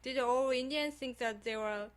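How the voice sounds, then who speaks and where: A woman's voice: high voice, normal speed, smooth. Curious woman asking simple questions. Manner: asks short, simple questions in non-native English. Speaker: podcast co-host. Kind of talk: casual chat.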